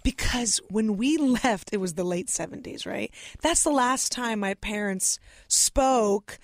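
A woman's voice: mid-range voice, a little slow. A Russian-born woman, a guest comedian, telling stories in casual interview chat and acting out the voices of others. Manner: animated storyteller, acts out voices.

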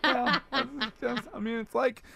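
A male radio host keeps up playful, teasing banter and frequent laughs in a casual morning show, recorded on a studio mic with crowd noise behind him. His voice is very high and creaky, with fairly even intonation and an unhurried pace.

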